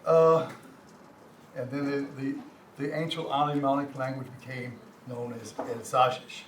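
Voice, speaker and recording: An older man with a Texan accent teaches a community language class. He lectures from slides in a halting, folksy way, often repeating words and joking with the class. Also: medium pitch, level tone. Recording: roomy, distant mic, faint hum.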